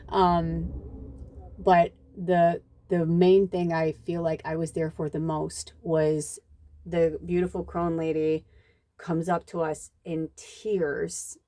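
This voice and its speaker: A woman, a psychic medium, telling a story in a rambling, casual way, full of fillers and acted-out quotes. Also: takes it slowly. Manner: animated, rambling, heavy use of "like" and "you know"; acts out quotes with jumps in pitch. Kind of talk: casual spoken storytelling in a reading video.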